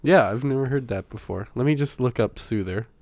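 A man's voice: mid-range voice, brisk, no echo. A man co-hosting a casual chat, teasing and laughing often. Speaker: podcast co-host.

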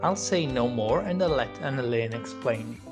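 Woman, podcast host, calm and measured, very deep voice, guitar music underneath. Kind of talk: introducing a segment.

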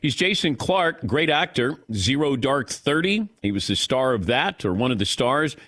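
A man hosting a sports talk show, reading ads and interviewing a guest with a smooth, steady delivery. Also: medium pitch, moderate pace, no echo.

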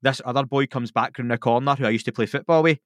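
A man with a Glasgow accent telling sweary, animated stories in a casual podcast chat. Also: medium pitch, fast, no echo, clean studio sound. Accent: Scottish, Glaswegian. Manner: sweary, animated, laughs through his stories. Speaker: podcast guest.

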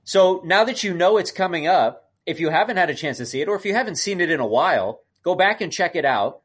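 A man co-hosting a podcast in casual chat, rambling and trailing off quietly. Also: sits high, lively intonation, fast, slightly rough. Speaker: podcast co-host.

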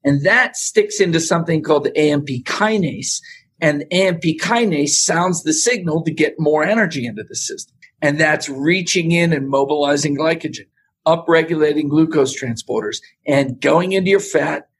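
A man talking as a podcast guest, telling stories in a lively way and acting out what people said. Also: a little high, normal speed, a little hiss or hum. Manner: animated storyteller, acts out quotes. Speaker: podcast guest, supplement scientist. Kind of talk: casual interview chat.

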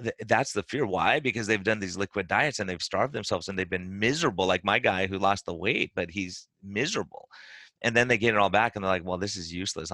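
A man hosting a podcast as a weight-loss coach, telling client stories in a casual, animated way and acting out their words. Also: on the low side, no room sound.

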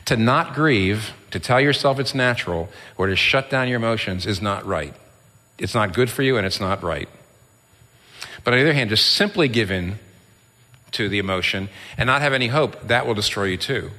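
Male pastor, low bright voice, earnest sermon delivery. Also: animated, normal speed. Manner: earnest, rising to emphatic peaks. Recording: long hall reverb.

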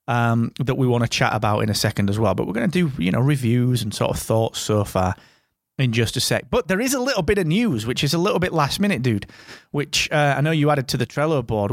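A man's voice: medium pitch, dry recording. A man hosting a casual podcast, chatty and rambling, with a close, dry sound. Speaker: podcast host. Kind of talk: casual chat.

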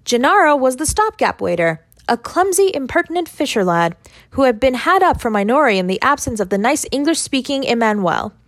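Woman narrator, lively pitch, dry close sound, measured literary reading. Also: no room sound. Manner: measured first-person storytelling. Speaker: audiobook reader. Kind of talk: scripted narration of a classic short story.

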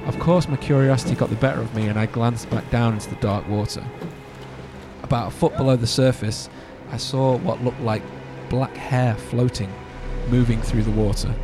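A man hosting a podcast, reading a spooky story aloud with joking asides. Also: mid-range voice. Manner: animated, joking asides between narration. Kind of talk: casual storytelling read-aloud.

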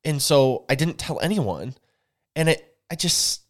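A man's voice: fairly high pitch, big pitch swings, measured pace. Earnest man on a podcast. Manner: earnest, emphatic, repeats words for stress. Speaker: podcast co-host. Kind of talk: casual podcast talk.

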